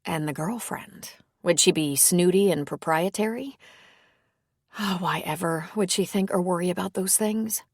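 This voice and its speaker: A woman narrating a romance audiobook in a measured storytelling manner. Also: on the low side, dry recording, clean studio sound. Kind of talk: scripted narration.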